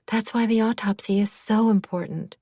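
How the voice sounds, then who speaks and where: A woman's voice: mid-range voice, steady tone, moderate pace, warm tone, slightly rough, no room sound, clean studio sound, voice pushed up. A woman voicing a practical, matter-of-fact woman, in an audiobook. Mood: brisk.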